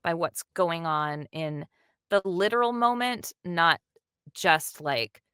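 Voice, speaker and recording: A woman who works as a dub director, chatting animatedly and enthusiastically in an interview, with quick asides. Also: fairly low pitch, animated, a bit bright, clear, resonant tone, dry recording, clean studio sound. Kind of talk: casual interview chat.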